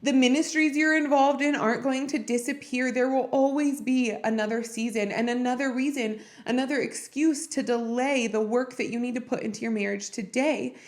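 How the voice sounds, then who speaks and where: A woman's voice: a little high, fairly even intonation, normal speed, few pauses. A woman hosting a podcast, speaking in a heartfelt, personal and encouraging way about faith and marriage. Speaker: podcast host. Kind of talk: earnest faith-based marriage talk.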